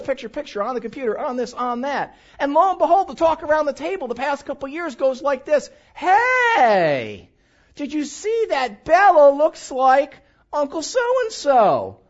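An older man preaching a sermon, telling humorous self-mocking stories about his family. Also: extremely high pitch. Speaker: pastor. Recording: dull lo-fi recording.

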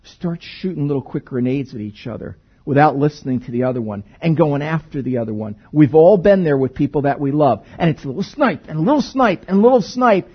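Husky-voiced man preaching a lively sermon. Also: on the high side, a little fast, hardly any pauses, dull audio. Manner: animated, conversational preaching with rhetorical questions. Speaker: pastor.

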